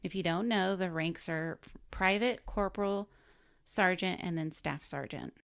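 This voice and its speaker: A woman's voice: lowish voice, unhurried, gravelly, clean tone, dry recording, studio quality. A woman co-hosting a film podcast, reading through a celebrity's life story in casual chat and laughing often. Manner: reads notes on a celebrity's life, chatty and laughing. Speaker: podcast co-host.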